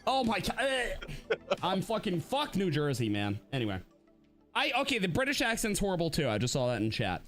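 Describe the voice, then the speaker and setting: Guy cohosting a live stream, kinda high voice that jumps all over, laughs a lot, faint music behind. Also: normal speed. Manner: animated, laughing, slips into mocking put-on voices. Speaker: podcast co-host. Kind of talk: casual live-stream chat.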